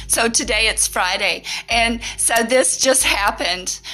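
A woman's voice: a little high, slow, bright, forceful tone, soft background music. A middle-aged woman hosting a podcast, telling a story casually, laughing often and swearing freely. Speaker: podcast host.

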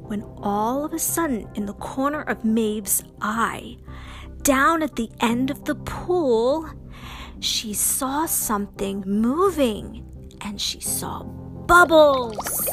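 High-voiced woman telling a kids' bedtime story, slow and lilting, soft music behind. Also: expressive. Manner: slow, sing-song, dramatic ups and downs. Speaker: children's storyteller. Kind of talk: bedtime story narration for children.

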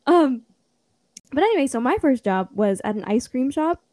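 A young woman in casual chat, telling a story with lively acted-out quotes and frequent laughter. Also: high-pitched, normal speed, slight background noise. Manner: animated storytelling, acts out quotes, laughs often.

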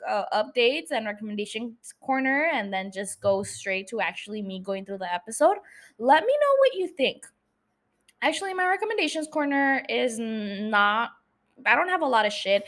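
A young woman in her twenties casually chatting as a podcast host, sprinkling in swears and laughs. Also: on the high side. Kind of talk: casual chat.

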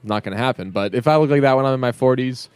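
Male podcast co-host, mid-pitched, chatty and joking, dry close mic. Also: rapid-fire, darkish tone, clear, resonant tone, dry recording. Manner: chatty, joking, many restarts. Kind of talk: casual chat.

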